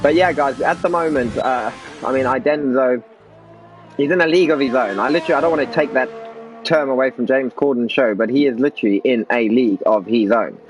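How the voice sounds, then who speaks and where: A man giving casual, excitable commentary on an esports racing league, talking to viewers. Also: mid-range voice, brisk, faint music behind, rough recording. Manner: excitable, chatty, addresses viewers as guys.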